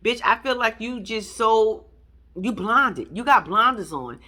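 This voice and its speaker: A woman recapping a reality show in a casual, blunt, swearing style, throwing her pitch up high for emphasis. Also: lively intonation, unhurried, bright, forceful tone.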